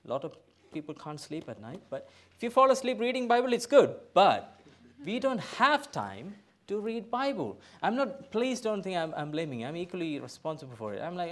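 A middle-aged man, a pastor, preaching a sermon in a church, emphatic, swinging from loud bursts to quiet asides. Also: a little high, big pitch swings, brisk. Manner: emphatic, rising to loud bursts then dropping soft.

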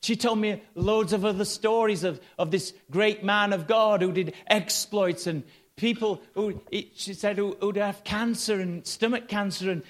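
Male preacher, slightly high voice, storytelling sermon with loud excited peaks. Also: a little slow. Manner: storytelling, rising to loud excited bursts with laughter.

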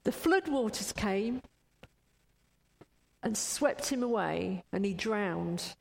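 Slow-speaking woman preacher. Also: medium pitch, lively intonation, vocal fry, big-room sound, rough recording. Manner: unhurried, storytelling. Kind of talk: sermon.

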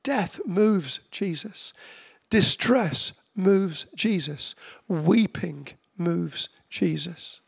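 Gravelly, high-voiced preacher. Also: male voice, expressive. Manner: conversational, with slow emphatic repetitions. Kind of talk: sermon.

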